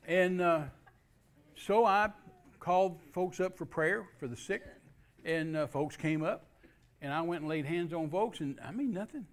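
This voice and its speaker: A man preaching a sermon, telling a story with animated delivery that rises to loud calls. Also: fairly high pitch, measured pace.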